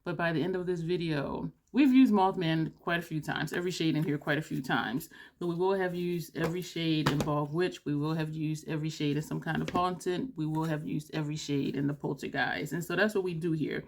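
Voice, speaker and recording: An excitable woman talks straight to camera about makeup, half-yelling with enthusiasm. Her voice sits a little low for a woman, and she chatters casually, sprinkling "y'all" and the occasional curse. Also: brisk, creaky, few pauses, slight background noise. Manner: drawling, southern-style "y'all" chatter, playful cursing. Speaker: beauty vlogger.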